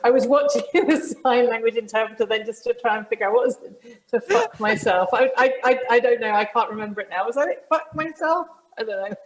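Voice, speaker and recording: Woman, comedy night host, bubbly, effusive, fairly high voice. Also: fairly quick, few pauses, rough recording.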